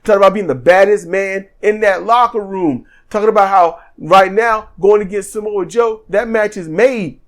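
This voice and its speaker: A man co-hosting a podcast, giving an animated, joking wrestling review in casual chat. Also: sits high, moderate pace, few pauses. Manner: animated, acts out quotes in silly voices; joking, laughs often. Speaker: podcast co-host.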